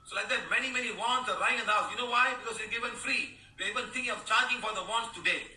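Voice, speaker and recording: A man's voice: very high-pitched, fast talker, echoey room, recorded from a distance, low-quality recording. A man in his sixties, founder of a healing group, chatting animatedly and laughing as he reads viewer comments in a live talk. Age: 60s. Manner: animated, chatty, laughs often, addresses listeners as guys and sir.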